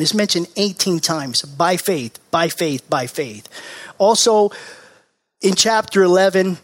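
A man preaching a sermon as pastor, repeating key words for emphasis and teaching from scripture. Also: high-pitched. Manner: mocking impressions of TV preachers.

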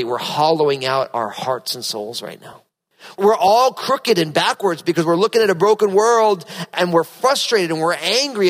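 A pastor preaching a sermon and reading scripture aloud, earnest, often restarting his sentences. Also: high voice. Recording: long hall reverb.

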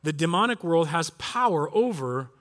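High-voiced man preaching a lively sermon. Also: moderate pace. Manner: animated storytelling with quoted voices. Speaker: pastor. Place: church.

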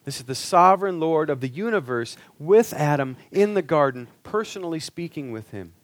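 A man's voice: a little high, animated, normal speed, no echo. A male preacher giving an earnest sermon, pressing the listeners with rhetorical questions.

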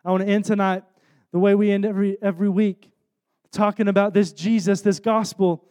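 A man's voice: sits high, little pitch movement, fairly quick, dark tone, smooth. A young man preaching a sermon in an earnest, conversational way, telling an emotional personal story. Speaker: worship leader preaching.

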